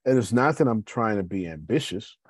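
Male host, husky low voice, loose motivational business talk, dry close sound. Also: lively intonation, fairly quick, dry recording. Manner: conversational, addresses listeners as y'all.

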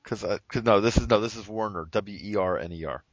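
A man's voice: on the low side, fast, no room sound. A man who writes for the show, chatting on a podcast and running through lists of names and rankings. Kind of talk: casual podcast chat. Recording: dull lo-fi audio.

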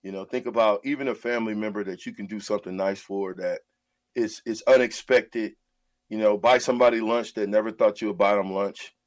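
A man's voice: on the low side, steady tone, a little fast, no echo. A man who is a radio show host, talking in an earnest, heartfelt way about mentoring and often repeating his words as he goes.

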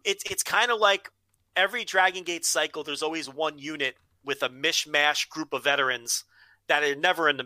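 Blunt podcast guy with a bright voice, swears a lot, slightly high pitch. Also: dry recording. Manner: blunt, swears freely, opinionated. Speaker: podcast co-host. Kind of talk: casual wrestling podcast chat.

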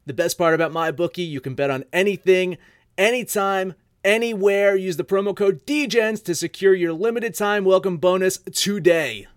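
A man reads a betting sponsor spot with salesy enthusiasm. His voice sits high for a man. The sound is close and dry. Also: a little fast, clean tone, dry recording. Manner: upbeat, salesy. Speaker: ad reader. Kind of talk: read sponsor ad.

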